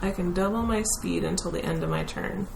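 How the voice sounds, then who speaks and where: Low, gravelly woman player. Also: fairly quick, darkish tone. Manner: chatty, thinking aloud. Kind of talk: casual tabletop play. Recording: echoey room, faint noise.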